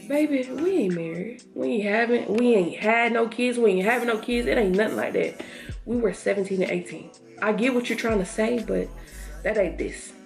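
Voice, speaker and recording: A young woman vlogger casually telling a storytime to her viewers while getting ready, chatty and animated. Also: a little high, a little fast, soft background music.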